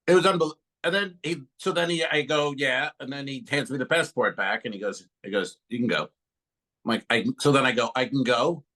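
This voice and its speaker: A man's voice: medium pitch, a little fast, sharp tone, low-quality recording. A man co-hosting a comedy podcast tells a story in loose, casual chat. He acts out both sides of the exchange and swears freely along the way. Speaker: podcast co-host.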